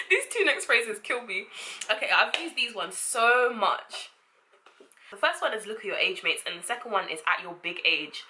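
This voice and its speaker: A young woman, chatting casually to camera as a vlogger, sassy and expressive with quick asides. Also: mid-range voice.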